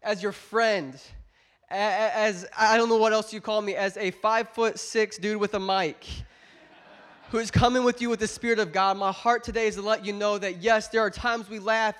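High-voiced man preaching with a stuffy cold. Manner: emphatic, rising to loud exhortation, warm asides. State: congested from a cold. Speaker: pastor. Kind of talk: sermon. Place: church service with a congregation.

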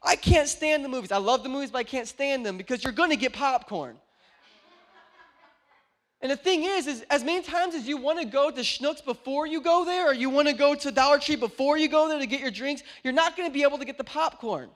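High-voiced young preacher, hushed to shouting. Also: male voice, fairly quick. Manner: swings from hushed storytelling to loud shouted exhortation. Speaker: pastor. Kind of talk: sermon. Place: indoor church.

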